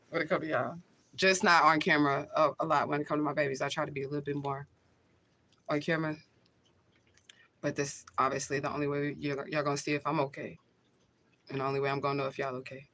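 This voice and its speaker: A woman's voice: sits low, fairly even intonation, brisk, pauses often, pushed and bright. A woman talking casually into the camera on a livestream, emotional and blunt, swearing freely and laughing often.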